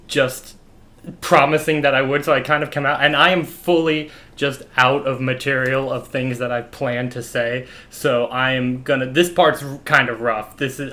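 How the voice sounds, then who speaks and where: A man's voice: mid-range voice, bright, forceful tone. A man in his late twenties giving wry, self-critical commentary on his old stand-up set. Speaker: comedian reacting to old footage. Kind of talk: casual commentary.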